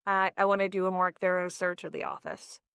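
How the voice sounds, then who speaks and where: Lower-voiced woman player, hesitant. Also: steady tone, a little fast, creaky, a bit bright, clear, resonant tone, no echo. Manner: questioning, hesitant with likes. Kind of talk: casual tabletop play.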